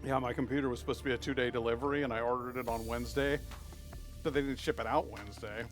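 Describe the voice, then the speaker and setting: A man's voice: mid-range voice, fairly even intonation, quick pace, faint music behind. A man live-streaming a video game, chatting playfully with viewers and cooing at the creatures on screen. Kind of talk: casual live-stream chat while playing.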